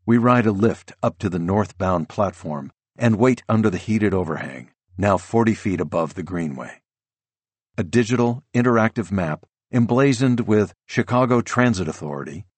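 Husky low-voiced male audiobook narrator. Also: no echo. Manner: measured and descriptive. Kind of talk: first-person novel narration.

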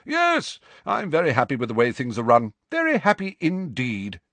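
A man voicing a hearty, brisk older woman teacher who talks in a loud, jolly way. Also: medium pitch, huge pitch swings, dry recording, pitched above the performer's own voice.

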